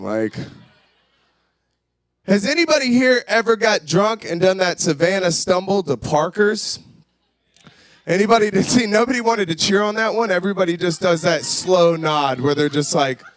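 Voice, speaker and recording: A young man doing a profane stand-up set at a bar, shouting out to the crowd. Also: high voice, expressive, moderate pace, no room sound, clean studio sound. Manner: brash, profane storytelling with shouted crowd work. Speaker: stand-up comedian. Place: comedy bar stage.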